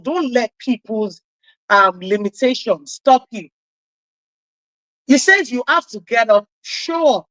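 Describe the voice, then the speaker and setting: A woman hosting a radio talk show, chatty and encouraging, with a loud voice. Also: on the high side, no echo, low-quality recording. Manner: encouraging, chatty, laughs at herself. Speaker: radio host.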